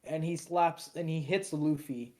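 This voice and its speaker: A man's voice: a little high, fairly even intonation, unhurried, a little mellow. A man co-hosting a podcast, recapping an episode in a loose, rambling way with lots of fillers and restarts. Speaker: podcast co-host.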